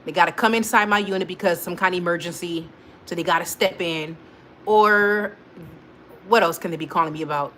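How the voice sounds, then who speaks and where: A woman's voice: on the low side, fairly quick, slight background noise. A woman hosting a casual live stream, rambling animatedly in slang-heavy speech and talking straight to her viewers. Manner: rambling and animated, talks straight to viewers, frequent laughs and restarts. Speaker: host of a weekly live check-in stream.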